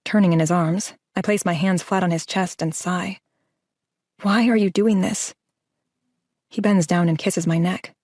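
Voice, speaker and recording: Woman, audiobook narrator, first-person, intimate, emotive, lowish voice, dry close recording. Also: fairly even intonation, moderate pace, few pauses, darkish tone, dry recording.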